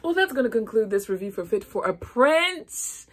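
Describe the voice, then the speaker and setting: A woman hosting a casual movie review vlog, chatty and expressive with animated asides. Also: a little high, moderate pace, breathy edge.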